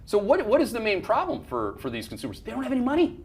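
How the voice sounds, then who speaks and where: An investment firm CEO hosts a market commentary show, his voice extremely high and swooping wildly in pitch at a quick pace. Fired up and blunt, he rants through charts, swearing and restarting his sentences over and over.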